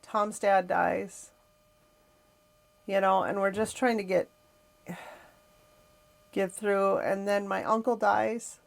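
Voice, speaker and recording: A woman's voice: mid-range voice, fairly even intonation, very slow, gravelly, pauses often. A middle-aged woman hosting a podcast, telling a personal family story in a reflective, emotional way with frequent sighs. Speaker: podcast host.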